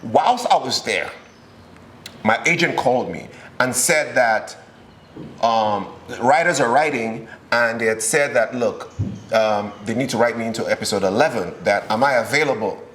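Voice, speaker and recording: A man from Nigeria, an actor being interviewed, telling stories in a relaxed chat and acting out the people he quotes. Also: medium pitch, normal speed, a little hiss or hum. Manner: animated storyteller, acts out quoted voices.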